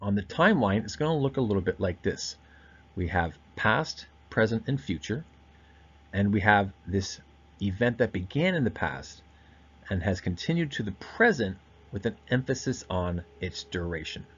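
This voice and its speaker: A man giving a recorded grammar lesson, explaining step by step and slowing down to stress key words. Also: on the low side, lively intonation, slightly rough, dull audio. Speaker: teacher.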